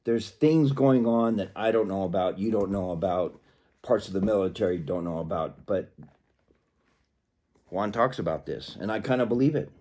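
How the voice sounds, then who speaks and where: A man talking casually to camera in a rambling way, clearing a frog from his throat. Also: on the low side, moderate pace, warm tone. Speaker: vlogger.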